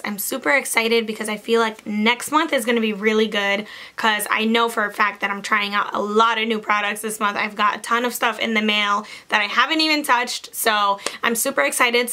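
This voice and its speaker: A woman's voice: fairly high pitch, sharp tone. A young woman chatting through her favorite makeup in a casual vlog, gushing and bubbly, with lots of "like" in her talk. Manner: bubbly, gushing, says "like" a lot. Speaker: beauty vlogger.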